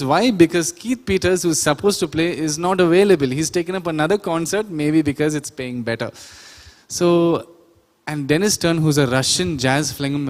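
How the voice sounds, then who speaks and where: Man, sound production teacher, fairly high voice, reverberant lecture hall. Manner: chatty, often quizzes the audience. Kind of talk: classroom lecture.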